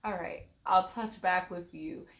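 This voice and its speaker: A woman's voice: lowish voice, a little slow, reverberant. A woman book vlogger chatting casually and emotionally about a novel she is reading, rambling with many fillers. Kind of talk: casual reading vlog chat.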